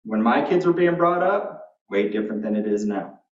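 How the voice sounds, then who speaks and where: A man's voice: fairly low pitch, lively intonation, normal speed, distant mic. A man giving a keynote talk, telling blunt, humorous stories in a folksy way. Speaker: keynote speaker. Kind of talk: animated storytelling talk. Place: conference hall. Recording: echoey, dull room recording from afar.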